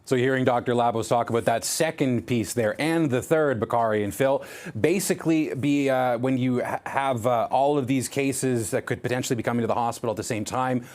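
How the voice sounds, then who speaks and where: A man reporting live for a news broadcast, talking through the facts in an easy, explanatory way. His voice sits at an ordinary middle pitch, and he sometimes restarts a phrase as he thinks aloud. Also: brisk, a little mellow.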